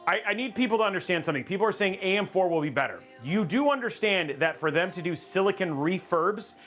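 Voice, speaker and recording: A man hosting a casual livestream, rambling and excitable, joking about himself. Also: sits high, fast, faint music behind. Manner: excitable, rambling, self-mocking. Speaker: livestream host.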